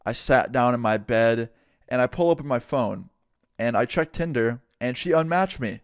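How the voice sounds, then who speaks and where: A young man relaxes into a casual storytime vlog, his retelling lively and peppered with swearing. His voice sits at an ordinary middle pitch. The recording is close and dry, with no room sound. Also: normal speed, clear, resonant tone, no room sound. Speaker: storytime vlogger.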